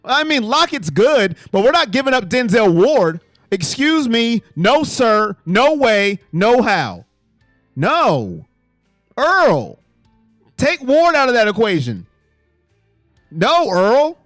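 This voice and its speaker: Male stream host, high-pitched and very lively, dry close sound with faint music behind. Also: slow pace, no room sound. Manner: animated, jumps between low mutters and loud exclamations. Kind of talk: casual live chat reading fan comments.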